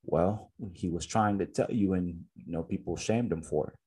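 A man's voice: low-pitched, moderate pace, background noise. A man co-hosting a podcast in casual chat, reflective, full of fillers and restarts. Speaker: podcast co-host.

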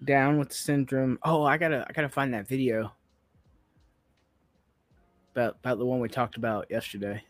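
A man's voice: mid-range voice, steady tone, moderate pace, long pauses, no room sound, faint music behind. A man co-hosting a podcast in casual chat, giggly and rambling. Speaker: podcast co-host.

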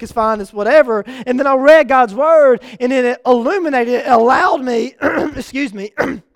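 High-voiced young preacher. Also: male voice, clean tone, no room sound. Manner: storytelling, swings from loud calls to soft confiding. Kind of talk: sermon.

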